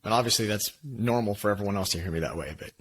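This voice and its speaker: A man co-hosting a design podcast in casual chat, upbeat and quick to laugh, with a slightly nasal tone. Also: fairly low pitch, fairly bright tone, husky. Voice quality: nasally when recorded, by his own account. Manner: upbeat, laughs often, talks in quick bursts. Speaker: podcast co-host.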